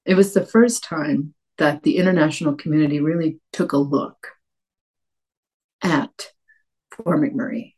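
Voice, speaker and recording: A woman author from Cape Breton, talking in an interview in an animated way with many restarts and acted-out quotes. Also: low-pitched, husky. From Cape Breton, Canada. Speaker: author guest. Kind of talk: conversational interview.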